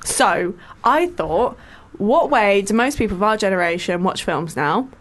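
A woman's voice: medium pitch, lively intonation, a little slow, crowd noise. A woman in her twenties reviewing films on a radio show, chatty and mock-exasperated. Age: 20s. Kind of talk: casual on-air chat and review.

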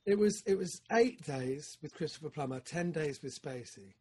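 A man co-hosting a podcast, chatting casually about films, excitable and rambling with lots of fillers. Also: a little high, moderate pace, slightly rough. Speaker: podcast co-host. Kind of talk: casual film chat.

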